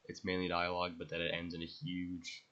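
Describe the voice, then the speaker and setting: A young podcast host rambles enthusiastically through a casual ranking of his favorite movies, swearing freely. His low voice is completely flat in delivery, a little fast and a bit bright, with lo-fi sound.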